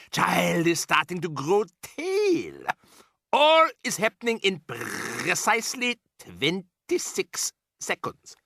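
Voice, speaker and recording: A man voicing a ruthless, gloating female witch leader in an audiobook, shouting triumphantly in broken grammar. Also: high-pitched, vocal fry, no echo, voice pushed up, heavily acted. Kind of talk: audiobook character voice.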